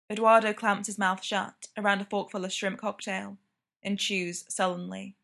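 Bright-voiced woman reading fiction. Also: mid-range voice, little pitch movement, moderate pace, creaky. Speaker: reader.

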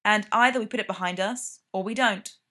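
A woman's voice: mid-range voice, fairly quick, bright, forceful tone. A woman reading the lines of a blunt, exasperated young man who swears freely.

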